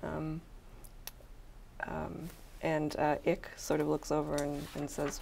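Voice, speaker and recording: Low, gravelly woman running a tabletop game. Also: monotone, slow pace, long pauses, darkish tone, a little hiss or hum. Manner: narrates with many ums and uhs. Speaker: dungeon master.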